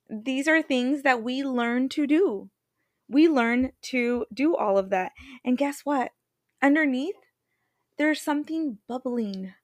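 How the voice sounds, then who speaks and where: A middle-aged woman hosting a motivational podcast, candid and emphatic, slowing down to stress repeated phrases. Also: fairly high pitch, dry recording, studio quality. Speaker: podcast host and healer.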